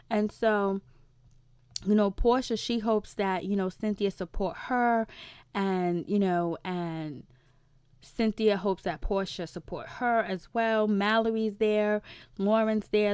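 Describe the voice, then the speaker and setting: A woman talking through a reality show recap in a loose, rambling way, full of fillers and quick acted-out quotes. Her pitch sits mid-range for a woman, and the recording is dry with no room sound. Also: a little mellow, smooth, no room sound. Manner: rambling, filler-heavy with frequent "you know" and "so anyways"; acts out characters' lines in quick voices. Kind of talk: casual episode recap.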